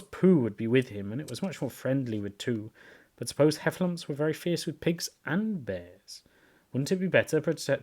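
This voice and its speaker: A man reading a children's storybook aloud, with expressive, lively storytelling. His voice sits at an ordinary middle pitch for a man. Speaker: reader, show host.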